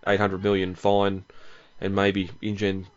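A man with a fairly low voice talks through a film in a relaxed, rambling way, with lots of ums and a chuckle every few lines. He is the host of the show. The audio is dull and lo-fi. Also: unhurried. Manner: rambling, chuckles often, many fillers. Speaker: podcast host. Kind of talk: casual film commentary.

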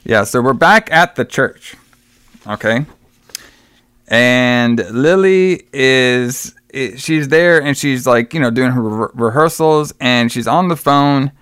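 A man's voice: medium pitch, slow pace, fairly bright tone, clean tone, dry recording, clean studio sound. A man casually recapping a movie on a podcast, rambling, swearing often, laughing and acting out the characters. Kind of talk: casual profane chat.

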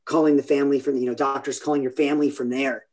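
A mid-range, level voice with a darkish tone comes through fast here. The speaker is a podcast guest, a Californian man in his forties, who tells meandering stories and keeps interrupting himself during an easygoing interview.

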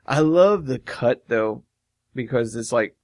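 A man chatting casually about a film, gushing with excitement and swearing often. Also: medium pitch, slow pace, dry recording, clean studio sound.

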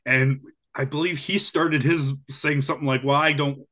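A man's voice: fairly high pitch, steady tone, normal speed, bright, forceful tone. A man co-hosting a podcast in casual chat, opinionated and blunt, often stopping to restart his sentences. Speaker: podcast co-host.

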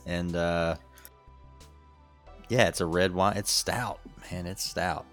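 Middle-aged male podcast co-host, very low voice, rambling chuckly storyteller. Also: steady tone, slow pace, over music. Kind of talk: casual chat.

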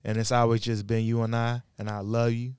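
A man's voice: medium pitch, flat delivery, a little fast, darkish tone, smooth, no echo, clean studio sound. A man co-hosting a casual podcast, talking in a laid-back, slangy and heartfelt way. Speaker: podcast co-host. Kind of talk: casual chat.

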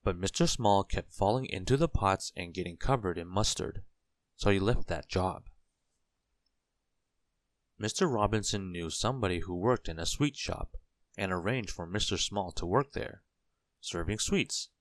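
A man reading a children's storybook aloud in a slow, gentle, clear storytelling manner. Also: low-pitched, dry recording. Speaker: narrator.

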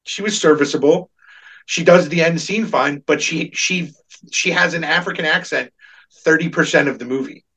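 Animated, opinionated man, a bit off mic. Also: on the high side, moderate pace, husky, distant mic, rough recording. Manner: animated, opinionated, laughs often. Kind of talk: casual chat.

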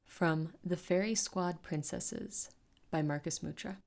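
A woman podcast host introducing and narrating a short fiction excerpt in a cheerful, expressive reading. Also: low voice, slow, creaky. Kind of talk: storybook narration.

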